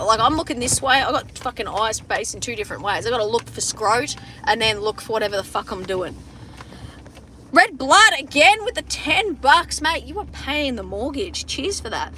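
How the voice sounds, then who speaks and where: A woman's voice: fairly high pitch, bright, forceful tone, a little hiss or hum. A young Australian woman livestreaming from her phone inside a car on a farm, chatting casually with viewers, swearing often and restarting her sentences. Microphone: phone front camera.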